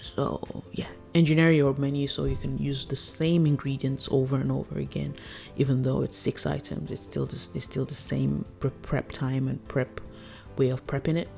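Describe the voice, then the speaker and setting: A woman's voice: a bass voice, level tone, moderate pace, vocal fry, mellow, faint music behind. A woman chef coaching food business owners in a chatty, casual way, laughing often and acting out her customers. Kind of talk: casual teaching talk.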